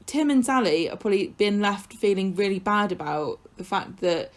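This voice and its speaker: A woman's voice: medium pitch, expressive, moderate pace. A woman co-hosting a podcast, casually giving her opinions on soap scenes. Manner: opinionated, comments on what the scenes mean. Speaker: podcast co-host. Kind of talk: casual chat recapping a soap.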